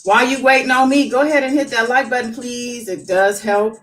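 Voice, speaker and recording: A woman's voice: fairly high pitch, fairly even intonation, brisk, fairly bright tone, soft background music, low-quality recording. A woman hosting a casual live stream, chatting and musing as she reads news aloud with her own asides.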